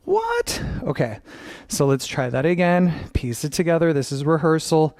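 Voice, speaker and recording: A man's voice: fairly high pitch, huge pitch swings, normal speed, darkish tone, dry recording, clean studio sound. Upbeat male dance teacher counting steps. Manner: upbeat, counts steps aloud and scats rhythms. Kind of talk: dance tutorial instruction. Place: dancing at home.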